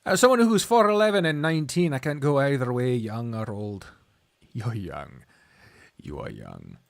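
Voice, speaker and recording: A man streams a strategy game, chatting casually, ranting, swearing and laughing a lot. His mid-range voice is expressive and moves at a normal speed.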